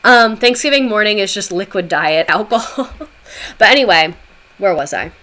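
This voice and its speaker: A woman's voice: medium pitch, lively intonation, normal speed, sharp tone. A woman livestreaming a casual history talk, chatting with viewers in a sarcastic, chatty way with swearing asides.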